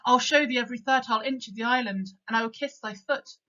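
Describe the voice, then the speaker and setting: A woman's voice: fairly high pitch, quick pace, pushed and bright, pitched above the performer's own voice. A woman reading aloud the lines of a servile, awestruck male island monster in an ordinary voice, on a dull lo-fi recording. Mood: eager. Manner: plain reading aloud of verse.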